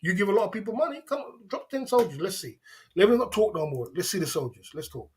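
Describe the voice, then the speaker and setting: Man, livestream host, taunting, repetitive, higher-pitched voice. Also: sing-song, fast talker. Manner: taunting, repetitive, laughs often. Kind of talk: livestream rant at chat.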